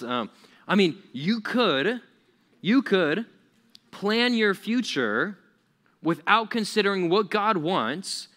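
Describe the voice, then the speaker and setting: A man's voice: sits high, very animated, slow, pushed and bright. A man preaching a casual sermon to young listeners, chatty and full of "like" fillers, laughing often. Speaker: pastor.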